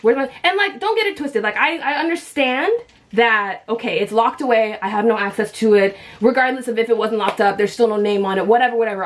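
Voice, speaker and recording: A young woman vlogger telling a story in a blunt, heated, profane way while she does her makeup. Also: on the high side. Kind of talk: storytime vlog.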